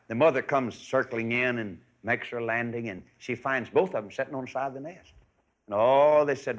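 A man preaching a folksy radio sermon, animated and swinging between loud and soft. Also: mid-range voice, normal speed. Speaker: evangelist. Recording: dull lo-fi archive radio recording.

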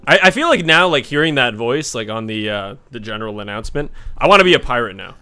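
A young man hosting casual gameplay commentary, excitable, swearing and laughing often. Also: medium pitch, fast talker, clean tone. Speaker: gaming channel host.

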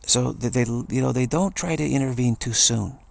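A man's voice: medium pitch, moderate pace, gravelly, no echo. A man giving an earnest spiritual talk, repeating key phrases and restarting sentences as he goes. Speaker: spiritual speaker.

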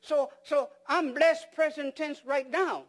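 High-voiced man preaching with emphatic questions. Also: steady tone, slow. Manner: repeats words and restarts phrases for emphasis. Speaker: pastor. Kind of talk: sermon.

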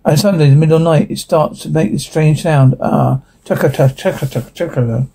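Man reading worried middle-aged mother, urgent, pleading, husky. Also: on the high side, steady tone, fast, dark tone.

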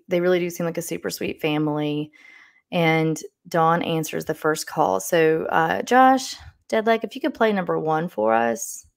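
A woman hosting a podcast, telling a true-crime story in a casual, meandering way with restarts. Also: fairly low pitch. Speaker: podcast host.

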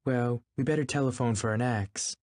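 A man voicing a lively, restless rich young woman who cries out in a high voice. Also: normal speed, dry recording, clean studio sound, lightly acted. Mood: commanding.

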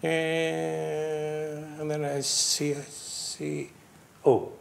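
A man's voice: on the high side, monotone, very slow, gravelly. An older man telling a racing story to friends on a panel, acting out voices and crash noises and laughing often. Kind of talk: casual anecdote among friends. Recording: roomy echo with faint background hiss.

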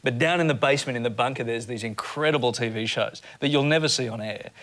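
An Australian man co-hosting a comedy panel show, telling animated stories and laughing mid-sentence, with studio audience laughter behind. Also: mid-range voice, quick pace. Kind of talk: joking panel chat.

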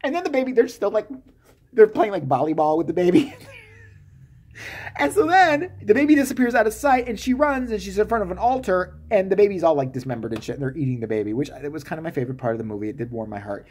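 A man's voice: sits high, lively intonation, fast talker, darkish tone. A man giving a comedic, sarcastic movie-review rant, swearing freely and acting out the characters' lines.

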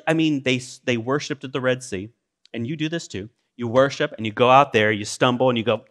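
This sermon comes from a middle-aged male pastor who talks fairly quickly and with plenty of animation. He reads scripture aloud, breaks off into plain, chatty asides, and shifts between booming exclamations and soft, low comments.

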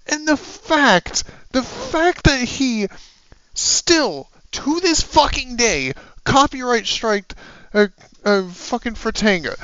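Sick, yelling YouTuber ranting with swinging pitch. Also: animated, slow pace, no room sound, dull audio. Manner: profane, yelling, exasperated. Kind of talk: angry rant vlog.

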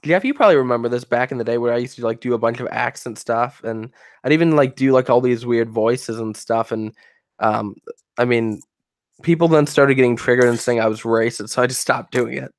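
A man's voice: medium pitch, brisk, no echo, studio quality. Rambling young American man on a call. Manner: rambling storyteller who laughs at his own tales. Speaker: livestream guest. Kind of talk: casual chat over a voice call.

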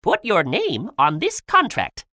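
A woman's voice: mid-range voice, wildly swooping pitch, slow, sharp tone, no room sound, studio quality, pitched above the performer's own voice, full character voice. A woman voicing a sly, scheming male trickster in a storybook, pushing a bad deal. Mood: wheedling.

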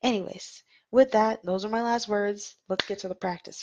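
A woman's voice: mid-range voice, steady tone, normal speed, hardly any pauses, darkish tone. A woman leading an online meditation livestream, talking earnestly and conversationally, with fillers and restarts. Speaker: meditation leader. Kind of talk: livestreamed dharma talk and guided chant.

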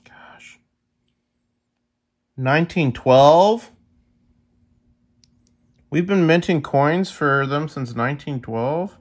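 A man's voice: a little high, very slow, pauses often. A young man in casual chat with his viewers, easily amazed and talking to them directly as he sorts through coins. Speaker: coin collecting vlogger.

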